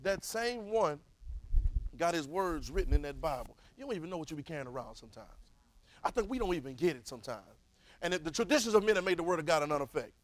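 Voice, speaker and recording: A man, teaching a Bible class in a preaching style, calling for responses and swinging from soft to loud. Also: fairly high pitch, expressive, racing, rough recording.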